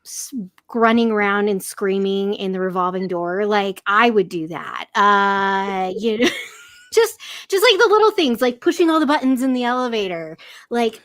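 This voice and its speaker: A woman's voice: fairly high pitch, moderate pace, fairly bright tone, dry recording, clean studio sound. A woman chatting as a podcast guest, bubbly and rambling with many fillers. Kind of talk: casual group chat.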